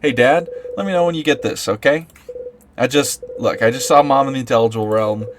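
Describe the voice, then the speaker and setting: A man voicing an anxious young woman philosopher who panics easily and turns shrill when startled, over background music. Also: brisk, noisy background, natural voice. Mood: worried.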